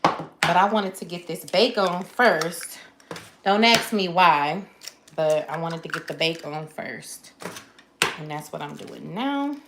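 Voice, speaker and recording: Speaking slowly and with animation in a fairly low voice, a woman hosts a live cook-along from her home kitchen, chatting with viewers as she talks through each step. The recording is very noisy, with a roomy kitchen echo and dishes and pans clattering in the background.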